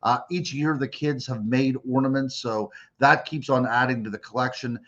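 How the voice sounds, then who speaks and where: A middle-aged man from Western Pennsylvania talks as a radio guest, reflective and rambling with plenty of fillers. His pitch sits in a middle range. The audio is a bit dull and muffled, as over a remote line. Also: steady tone, normal speed, a bit bright. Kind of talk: casual radio chat.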